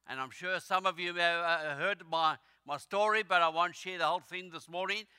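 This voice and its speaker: A man in his sixties or older from South Africa, with a South African accent, preaching a sermon as a visiting missionary in a slow, halting way with many fillers. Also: high voice, sharp tone, clean tone, no echo, clean studio sound.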